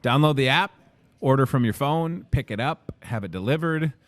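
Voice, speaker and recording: A young man hosting a grocery store's daily video, energetic, jokey and rambling, recorded in the store. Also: medium pitch, normal speed, no echo. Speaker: host.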